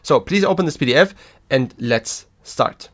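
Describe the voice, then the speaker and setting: A man and teacher hosting a language podcast, speaking slowly and patiently, with pauses so listeners can repeat after him. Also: fairly high pitch, expressive. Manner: slow and patient, pausing between letters. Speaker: German teacher and podcast host. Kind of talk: language lesson.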